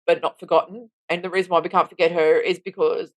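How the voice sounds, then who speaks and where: A woman's voice: lowish voice, quick pace, no room sound. A woman co-hosting a podcast, telling stories in a casual chat and mimicking people as she goes. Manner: animated storytelling with mimicry. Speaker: podcast co-host.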